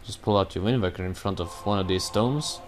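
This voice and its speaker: A man's voice: low-pitched, brisk, noisy background. A man giving casual, rambling commentary while he plays a video game, cursing now and then at his own mistakes. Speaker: let's play gamer.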